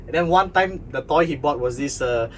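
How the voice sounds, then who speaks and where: A young man from the Philippines co-hosting a casual podcast chat, chatty and quick to laugh. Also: a little high, far from the mic, a little hiss or hum. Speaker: podcast co-host.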